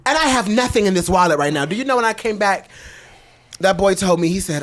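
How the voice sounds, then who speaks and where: A young man from Detroit, a podcast host telling a story in a loud, animated, profane way. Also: fast. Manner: animated, swearing, jumps to high squeals. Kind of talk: casual storytelling chat.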